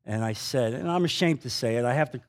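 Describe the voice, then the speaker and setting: A man preaching a sermon in a confessional storytelling manner, swinging between loud emphasis and hushed asides. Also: medium pitch, fast.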